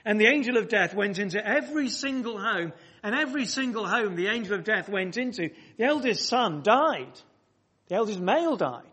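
Man, preacher, sermon in church, slightly high voice, emphatic, repeats phrases, addresses congregation. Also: lively intonation, normal speed, pushed and bright, husky. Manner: speaks directly to the congregation.

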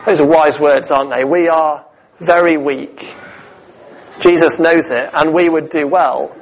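A man delivering a sermon with a fairly high voice. He speaks in an earnest, emphatic way and lets key words land with slow pauses. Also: fairly even intonation, poor audio. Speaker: preacher.

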